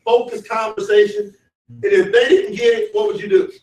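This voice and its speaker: A man leading a motivational sales training, shouting, laughing and getting the crowd to answer back. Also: high voice, sing-song, normal speed. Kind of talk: motivational seminar talk. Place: large event hall. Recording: echoey hall, voice from far off.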